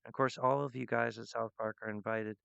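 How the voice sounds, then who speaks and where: Gravelly, halting man speaking to viewers. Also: medium pitch, level tone, fairly bright tone, dry recording, lo-fi sound. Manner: halting, full of restarts and fillers, earnest. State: emotional. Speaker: artist addressing viewers. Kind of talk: rambling direct-to-camera monologue.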